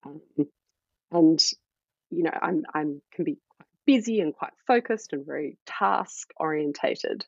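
An energetic woman talks in a husky, slightly low voice, telling frank, self-deprecating stories as a podcast guest. The recording is dry and a little dull, like a lo-fi call mic. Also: unhurried, dry recording. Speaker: guest, startup founder and former midwife. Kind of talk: casual podcast conversation.

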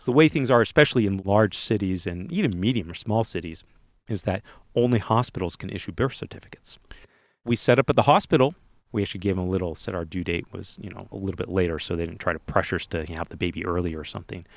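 Fast-talking man telling a story. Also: low-pitched, vocal fry, no echo, clean studio sound. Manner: animated, acts out others' lines in voices. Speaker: podcast co-host telling a personal story. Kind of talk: casual interview storytelling.

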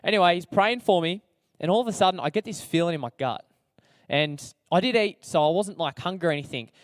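A young man with an Australian accent tells his story casually, full of slang and fillers and laughing at himself. His voice sits a little high for a man, and the recording is dry, with no room sound. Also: quick pace, no echo. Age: young adult. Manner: chatty, slangy, self-deprecating, many fillers. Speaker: speaker sharing his testimony.

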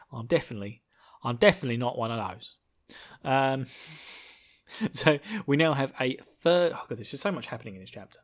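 A man's voice: medium pitch, lively intonation, normal speed, long pauses, a bit bright. A man casually recapping a book chapter, rambling and laughing often, slipping into silly voices for the characters. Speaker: book discussion podcaster.

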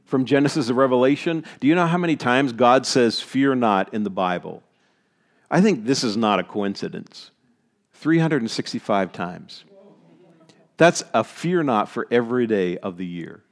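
A man's voice: mid-range voice, animated, moderate pace. A middle-aged man from Maritime Canada preaching a sermon, telling a story and repeating phrases for emphasis. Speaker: pastor.

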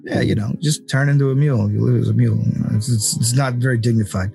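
A man narrating as game master of a tabletop game, halting and chuckling often. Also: medium pitch, creaky.

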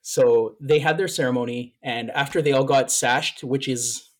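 A man's voice: medium pitch, steady tone, moderate pace. A man co-hosting a podcast in casual chat, telling a long story with repeated words, emotional and a little out of breath. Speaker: podcast co-host.

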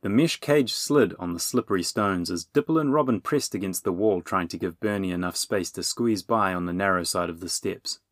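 A man reading an audiobook in measured, scripted narration. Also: low-pitched, dry recording, studio quality. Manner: measured storytelling.

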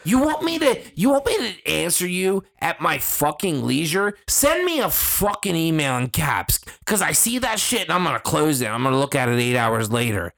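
Gravelly guy ranting about work stuff, low voice but swings all over, bright edge. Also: very animated, normal speed, few pauses. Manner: exasperated, shouts mimicked emails. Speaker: podcast co-host. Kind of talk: profane ranting chat.

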